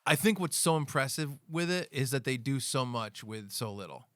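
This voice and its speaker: On a podcast, a male co-host chats casually about movies, rambling through scene recaps and quoting lines. His mid-range voice is expressive and a bit bright, at a normal speed, in studio-quality audio with no room sound.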